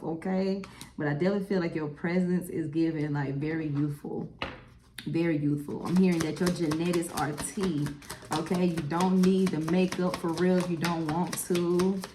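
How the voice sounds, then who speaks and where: A woman's voice: lowish voice, roomy sound. Chatty woman doing a tarot reading. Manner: chatty, animated, lots of "okay?" and "y'all". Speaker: tarot reader. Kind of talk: casual tarot reading to camera.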